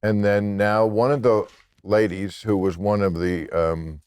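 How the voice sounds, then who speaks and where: Older american guy, lowish voice, dry mocking chat, swears a lot. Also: steady tone, measured pace, darkish tone, clean tone. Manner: sardonic, profane, laughing asides. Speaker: podcast guest, comedian. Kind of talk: casual chat.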